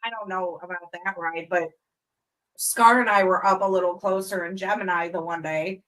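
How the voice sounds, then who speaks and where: A woman's voice: fairly low pitch, steady tone, normal speed, fairly bright tone, recorded from a distance, rough recording. A woman in casual chat, telling wry, self-mocking stories.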